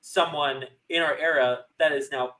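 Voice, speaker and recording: A man's voice: on the high side, fairly even intonation, normal speed, sharp tone, poor audio. A man co-hosting a casual podcast, rambling and often restarting his thoughts. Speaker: podcast co-host. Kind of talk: casual chat.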